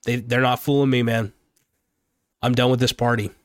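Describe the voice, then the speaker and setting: A man rants into a close mic, angry and rambling, swearing often. His voice sits in a middle pitch and sounds dry, with no room echo at all. It is an unscripted, heated vlog monologue. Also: flat delivery, moderate pace. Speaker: political vlogger. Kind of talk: unscripted political rant.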